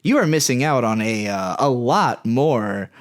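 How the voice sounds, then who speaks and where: Man, podcast co-host, loose frank banter, lots of "like" and restarts, mid pitch. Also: animated, unhurried. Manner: rambling, frank, with many fillers and restarts. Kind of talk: casual chat.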